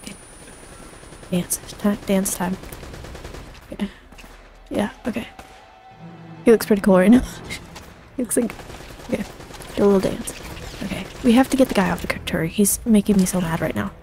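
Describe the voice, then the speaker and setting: A woman's voice: mid-range voice, moderate pace, pauses often, warm tone, slight background noise. A woman giving let's play commentary while gaming, panicky and self-mocking, often repeating herself. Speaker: gaming streamer.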